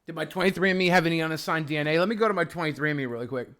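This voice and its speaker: A livestream host with a fairly high, slightly bright voice talks rapid-fire as he reads viewer comments. His casual chat with the audience rambles and is profane and sarcastic.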